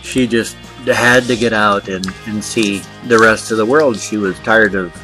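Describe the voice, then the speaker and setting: A playful, cooing voice in their fifties narrates pet footage in easy, rambling chat. The pitch sits in a comfortable middle range, and clear background music plays the whole time. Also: steady tone, a little slow, pushed and bright. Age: 50s. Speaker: pet vlogger.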